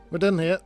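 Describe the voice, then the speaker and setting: A man's voice: high-pitched, vocal fry, darkish tone. A man casually commenting on a space game as he plays, chatty and sarcastic, often reading the on-screen text aloud. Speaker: gameplay video host.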